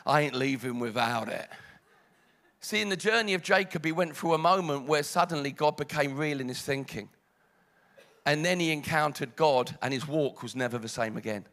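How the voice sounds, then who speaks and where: A British man preaching a sermon, dramatic, dropping to hushed lines and rising loud. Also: fairly high pitch, a little fast.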